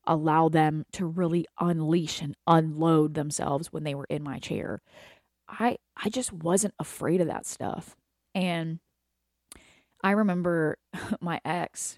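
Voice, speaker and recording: A woman's voice: low-pitched, creaky, a little mellow, no room sound, clean studio sound. A woman in her thirties, a hairstylist, talking candidly in a casual monologue, swearing freely and laughing often. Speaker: hairstylist and salon owner.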